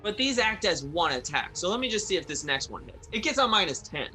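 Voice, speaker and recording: A woman's voice: fairly low pitch, big pitch swings, fairly quick, over loud music. A woman playing in a tabletop game, thinking aloud over her dice rolls and repeating herself. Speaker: player. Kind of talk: casual tabletop game talk.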